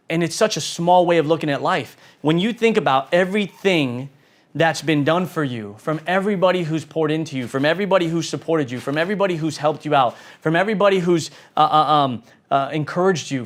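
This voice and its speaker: A man's voice: on the high side, fairly bright tone. An American entrepreneur gives a motivational talk in a slightly raised voice. He is earnest and emphatic, builds points through repetition, and leans on fillers as he talks. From United States. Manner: earnest and emphatic, with many fillers and repeated phrases; speaks in lists and emphatic repetition. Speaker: entrepreneur sharing lessons.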